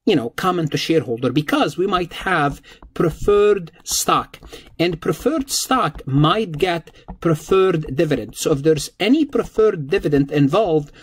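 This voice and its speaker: A man's voice: on the high side, animated, a little slow, breathy edge. A man lecturing on accounting in a recorded lesson, explaining patiently and repeating key points with everyday examples.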